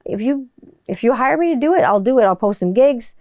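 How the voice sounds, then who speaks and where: On a casual solo podcast, this host speaks candidly and profanely, often restarting and rambling back over her points. Her voice is on the high side, animated, fairly quick and a little mellow, captured cleanly on a studio mic with no room sound.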